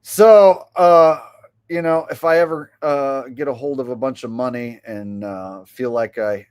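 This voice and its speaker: A man's voice: mid-range voice, measured pace, darkish tone, clean tone, dry recording, studio quality. A man hosting his own channel, answering viewer comments in a rambling, hesitant casual chat. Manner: rambling and hesitant, many fillers. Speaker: host.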